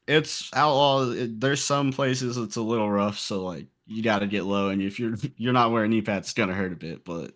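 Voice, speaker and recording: A man in his late twenties telling a story in casual podcast chat, animated and acting out the quotes. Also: fairly low pitch, moderate pace, hardly any pauses. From Texas. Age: late 20s. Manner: animated, acts out quotes in character. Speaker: podcast guest.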